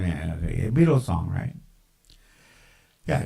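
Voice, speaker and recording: A man's voice: medium pitch, sing-song, takes it slowly, long pauses, rough recording. A man ranting in a casual, rambling monologue, with lots of profanity, fillers and tangents.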